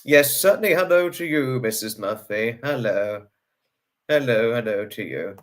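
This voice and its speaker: A man's voice: animated, unhurried. A man hosting a livestream, effusively greeting viewers and repeating his hellos over and over. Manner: pitch swings up and down sharply. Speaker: livestream host.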